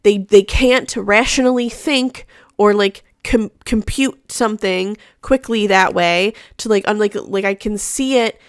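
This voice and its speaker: A woman's voice: medium pitch, unhurried, clean tone, no echo, clean studio sound. A woman hosting a casual live chat, rambling along with many fillers and restarts. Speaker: host; mother.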